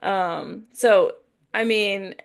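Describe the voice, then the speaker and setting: Gravelly-voiced chatty woman podcast host. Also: mid-range voice, extremely slow. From Indiana, USA. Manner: chatty, rambling, self-correcting. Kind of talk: casual book-review chat.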